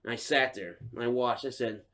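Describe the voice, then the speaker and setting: A young man casually telling a story on a podcast, swearing constantly and bursting into shouted insults as he acts out the other driver. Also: mid-range voice, a little fast. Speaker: podcast co-host.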